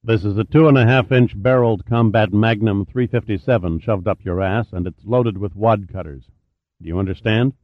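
A man voicing a cool, threatening male agent in an audiobook, speaking low and clipped. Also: normal speed, no room sound, lo-fi sound, natural voice. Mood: menacing.

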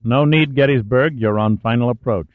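A man voicing a cold, impassive male flight controller with a calm, flat manner, on a tinny, dry recording. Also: mid-range voice, normal speed, no room sound, close to an everyday voice. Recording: tinny phone-like sound, dry.

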